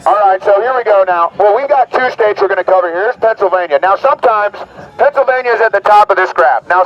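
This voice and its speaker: A man's voice: high voice, a bit bright, highs cut off. A man giving a mocking, crowd-rousing speech through a megaphone at an outdoor rally, his voice strained and nearly gone. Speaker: rally speaker.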